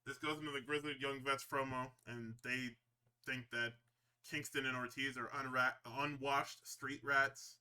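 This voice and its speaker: A man co-hosting a podcast, casually recapping wrestling shows in an animated, profane way and slipping into quick impressions. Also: mid-range voice, clean tone. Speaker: podcast co-host.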